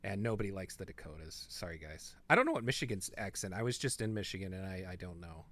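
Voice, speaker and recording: Bright-voiced chatty podcast man. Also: low-pitched, big pitch swings, quick pace, dry recording. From not from the Midwest. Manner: chatty, rambling, trails off into asides. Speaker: podcast co-host. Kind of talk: casual chat.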